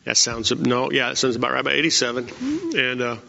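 A man preaching an informal sermon in a folksy, conversational way, often pausing with "uh". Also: medium pitch, level tone, vocal fry, sharp tone. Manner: folksy and conversational, many "uh" fillers. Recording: echoey hall, dull lo-fi sound.

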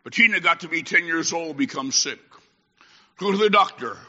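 A man preaching a sermon, swinging from shouted exhortation to hushed storytelling as a traveling preacher. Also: on the high side, animated, normal speed. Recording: echoey hall, dull lo-fi sound.

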